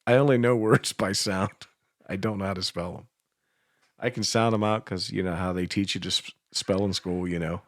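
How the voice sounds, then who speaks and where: A man's voice: deep voice, steady tone, moderate pace, no room sound, clean studio sound. A man with an Appalachian accent co-hosting a radio show, swearing and laughing through self-mocking stories in casual chat. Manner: foul-mouthed, laughs often, self-mocking storyteller. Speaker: radio co-host. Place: radio studio.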